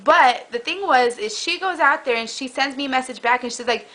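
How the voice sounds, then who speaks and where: Bright-voiced young woman rambling on camera. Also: high-pitched, a little fast, low-quality recording. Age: young adult. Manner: rambling, animated storytelling. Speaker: vlogger. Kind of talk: casual chat.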